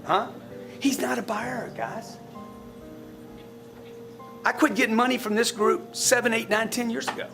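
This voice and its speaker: A man coaches his sales staff in a live group session, blunt and profane, often repeating words as he restarts a thought. His voice is high-pitched and a bit bright, his pace moderate, and faint music sits behind him.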